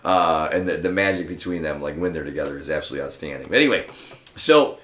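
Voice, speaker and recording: Deep-voiced man telling profane stories. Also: fast talker. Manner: profane, animated, acts out other people's lines. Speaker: podcast guest, martial arts school owner. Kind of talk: casual anecdotal storytelling. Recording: roomy echo.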